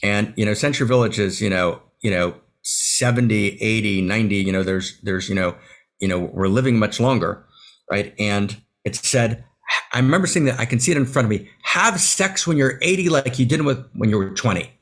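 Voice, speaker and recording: This author guest on a video call speaks with a lowish voice at a normal speed. He talks with passion and emotion, sometimes close to tears, and emphatically tags many of his points with "right?"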